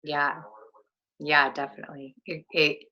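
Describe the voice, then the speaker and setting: A young woman with a low, bright voice, reflecting on a book in a relaxed chat over a video call. She speaks slowly and thoughtfully, often pausing and restarting her sentences. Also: dull audio. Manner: thoughtful, many fillers and restarts. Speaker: co-host of a book discussion.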